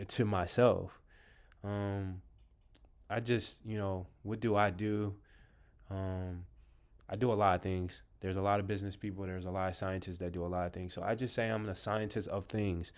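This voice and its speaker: A man with a fairly low voice talks casually to his viewers about books he loves. He rambles, fills pauses with ums and restarts his sentences. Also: a little mellow, clean tone. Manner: addresses viewers as "you guys". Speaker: vlogger reviewing books. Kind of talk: casual talk to camera.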